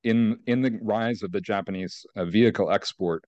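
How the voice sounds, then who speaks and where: A man answering as an energy research guest, measured and careful, qualifying his points with frequent hesitations. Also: lowish voice, a little mellow, no echo, muffled recording. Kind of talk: expert interview answers.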